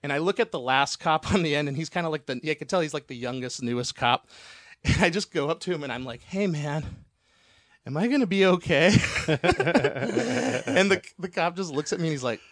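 A man's voice: fairly high pitch, animated, brisk, a bit bright, no echo, studio quality. A man telling a long, rambling personal story as a podcast guest, laughing often and swearing freely.

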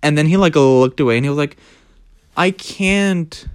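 A young man telling a story in a casual vlog, animated and dramatic, with plenty of swearing. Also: fairly high pitch, very fast, clean tone, no room sound, clean studio sound. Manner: animated, dramatic, profane, gossipy. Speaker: vlogger.

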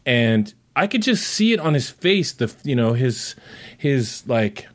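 A middle-aged man in casual chat, telling a story in a rambling, animated way full of fillers and restarts. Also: medium pitch, measured pace. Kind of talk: casual chat reviewing a show.

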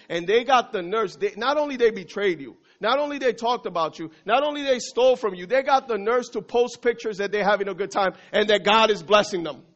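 A male pastor preaching a sermon, emphatic and repetitive, calling out to the congregation. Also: high-pitched. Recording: dull lo-fi recording.

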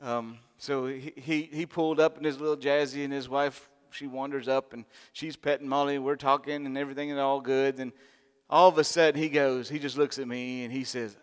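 A man preaching a sermon, telling a story in an animated, humorous way. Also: medium pitch, brisk, smooth. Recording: long reverb in a large hall.

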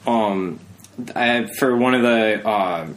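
A man's voice: lowish voice, slow pace. A young man hosting a podcast, chatting casually, rambling with lots of fillers and acting out quotes. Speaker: podcast host. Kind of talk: casual chat.

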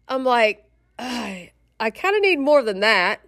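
A middle-aged woman casually telling a personal memoir, animated, swearing and laughing as she goes. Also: a little high, slow. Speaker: storyteller.

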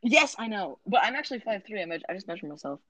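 A woman chatting through a movie recap, rambling and correcting herself mid-sentence. She tosses in sarcastic asides in a middle-pitched voice. The sound is dry and close. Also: big pitch swings, quick pace, bright, forceful tone, dry recording, poor audio. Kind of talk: casual movie recap chat.

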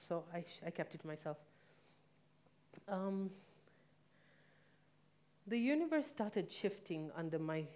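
A woman's voice: fairly low pitch, darkish tone. A woman telling a painful personal story in a candid, reflective way, now and then correcting herself. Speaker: guest telling her own story.

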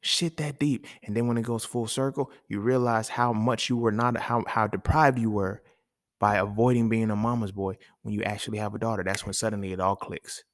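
A man's voice: fairly low pitch, steady tone, fairly quick, no room sound, studio quality. A man talking casually and emphatically, with profanity and speech, hosting a solo podcast. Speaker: podcast host.

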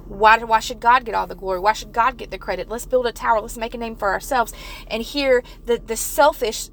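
A woman with a somewhat high voice preaches an earnest devotional message straight to her viewers. She circles back on her phrases and restarts them as she builds toward fervent emphasis. A faint hum of ambient noise sits beneath her voice. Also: fairly even intonation, fairly quick, a bit bright. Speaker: Christian speaker.

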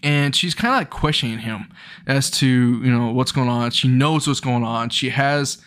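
A young man loosely retells a show's episode at a moderate pace, rambling as he goes, his voice jumping higher whenever something excites him.

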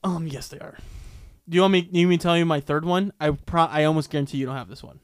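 Playful young man with a higher voice. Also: quick pace, clean tone, dry recording, studio quality. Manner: playful, stumbles over words, stubborn arguer. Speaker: podcast co-host. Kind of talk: casual chat.

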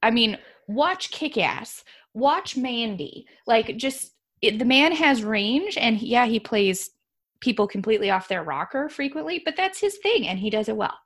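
A woman co-hosting a casual chat, opinionated and animated, often laughing as she talks. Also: fairly high pitch, moderate pace. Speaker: podcast co-host.

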